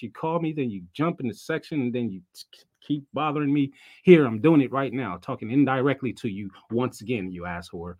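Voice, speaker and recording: A man's voice: medium pitch, fairly quick, darkish tone, slightly rough, no echo. An American man co-hosting a casual wrestling podcast, loose and laughing, swearing freely and humming to himself. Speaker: podcast co-host. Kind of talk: casual chat.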